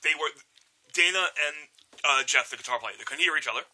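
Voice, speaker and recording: A man's voice: on the high side, brisk, pushed and bright, low-quality recording. A man appearing as a guest musician on a radio show, talking bluntly and opinionatedly and swearing heavily in casual studio chat.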